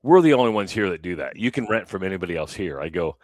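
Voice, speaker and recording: A man co-hosting a morning radio show, telling a long story in a casual, animated way and acting out the other people in it. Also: low-pitched, fast, no echo, studio quality. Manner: animated, acts out quoted voices. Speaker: radio co-host.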